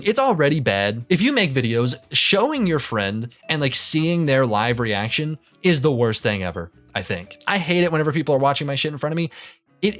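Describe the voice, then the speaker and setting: Young male commentary YouTuber, lively and slightly high voice, exasperated and profane, dry close sound. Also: no echo. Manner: profane, exasperated ranting with frequent laughs and restarts. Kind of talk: casual reaction commentary.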